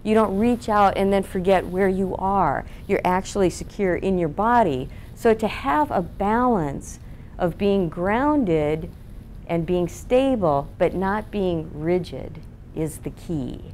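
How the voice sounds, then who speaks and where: Woman, public speaking coach at a seminar, expressive, plays voices, faint rumble in the room. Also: slow. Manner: expressive, asks the room questions, acts out flat and lively voices. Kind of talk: seminar talk to a live group.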